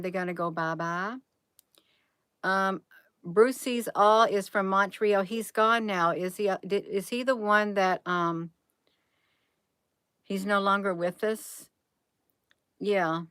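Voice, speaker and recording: A woman's voice: mid-range voice, fairly bright tone, smooth, no room sound. A woman hosting a casual livestream, musing aloud, reading from the screen and answering chat. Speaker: livestream host.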